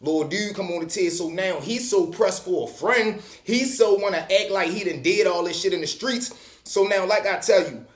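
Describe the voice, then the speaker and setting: A man's voice: high-pitched, moderate pace. A man telling a prison story in casual street slang, swearing freely. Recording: echoey room.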